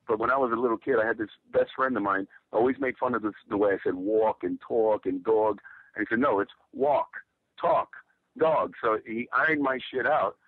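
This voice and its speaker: A man's voice: mid-range voice, fast talker, hardly any pauses, no echo, narrow, tinny audio. A man from the United States, a guest in a casual interview, telling stories in a laid-back, rambling way.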